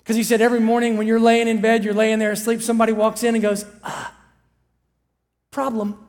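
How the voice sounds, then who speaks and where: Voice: medium pitch, monotone, racing, a little mellow. A pastor preaching a sermon in a chatty, storytelling way, with frequent asides to the listeners. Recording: long hall reverb.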